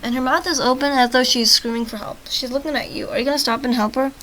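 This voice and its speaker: A woman's voice: high-pitched, fairly even intonation, quick pace, sharp tone, a little hiss or hum, poor audio. A woman hosting a gaming channel reads a text adventure game aloud. She trips over words and breaks off into joking side comments, and she says she is short on sleep. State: tired from little sleep.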